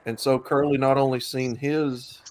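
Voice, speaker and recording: A man's voice: medium pitch, flat delivery, normal speed, darkish tone. A man hosting an online talk stream, chatting casually in a loose, rambling way with many fillers. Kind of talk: casual chat.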